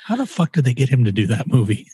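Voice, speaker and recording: A man's voice: mid-range voice, big pitch swings, quick pace, mellow, slightly rough, no echo. A man co-hosting a podcast, joking around in casual chat and slipping into put-on accents. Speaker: podcast co-host. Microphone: studio microphone.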